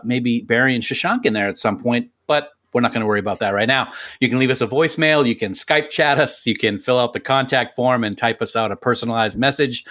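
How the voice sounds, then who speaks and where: A man co-hosting a podcast in playful banter, reading promos briskly into a studio mic. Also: medium pitch, a bit bright. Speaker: podcast co-host.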